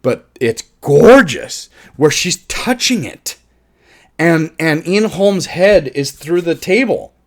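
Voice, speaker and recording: Excitable man swearing through a film review. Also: on the high side, slow pace. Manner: enthusiastic, swearing, laughs at own jokes; rambling with frequent restarts. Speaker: movie reviewer.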